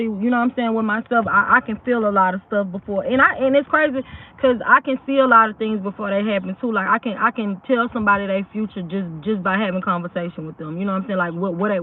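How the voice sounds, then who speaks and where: A woman recounts a personal story in a loose, rambling way, with lots of restarts and frequent check-ins with her listeners. The sound is thin and tinny, like a voice coming through a phone line. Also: mid-range voice. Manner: rambling, keeps asking "you know what I'm saying". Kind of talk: casual spoken true story.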